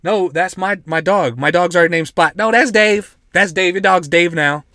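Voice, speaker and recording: A man voicing a bossy, pushy little kid who talks in an insistent, excited way. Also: high-pitched, moderate pace, dry recording, studio quality.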